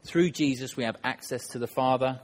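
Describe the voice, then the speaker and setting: A man delivering a sermon in church at an everyday middle pitch. He keeps it conversational and self-deprecating, often turning to put questions to the people listening. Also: brisk, long reverb tail. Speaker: preacher.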